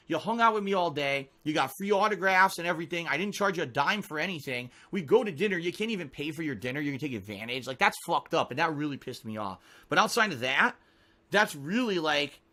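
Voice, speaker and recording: A man's voice: fairly high pitch, bright, forceful tone. A man live-streaming and talking to his chat, ranting heatedly with a lot of swearing. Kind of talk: unscripted stream talk to chat.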